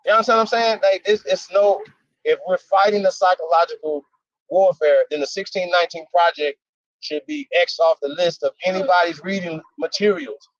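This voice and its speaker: A man's voice: high-pitched, a little fast, dry recording. A man talking as a livestream guest, emphatic and slangy, firing off rhetorical questions. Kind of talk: casual heated debate talk. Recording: dry, dull lo-fi stream audio.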